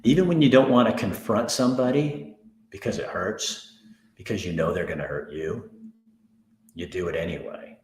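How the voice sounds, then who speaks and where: A middle-aged man hosting an earnest personal monologue, swinging from anger to hushed softness. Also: low-pitched, normal speed, echoey room. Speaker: host.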